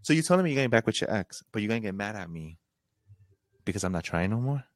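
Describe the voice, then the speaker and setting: A man's voice: on the low side, sing-song, fast talker, dry recording. Laid-back young man telling a story. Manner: laid-back, slangy storytelling, acting out both sides of a conversation. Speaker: podcast co-host. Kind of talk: casual storytelling chat.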